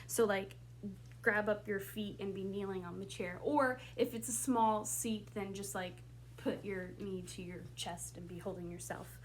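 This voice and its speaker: A woman's voice: mid-range voice, steady tone, a little slow, a little hiss or hum. A woman directing a school play, giving blocking notes to her actors in a casual way full of fillers. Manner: casual and chatty, with many fillers. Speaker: drama director.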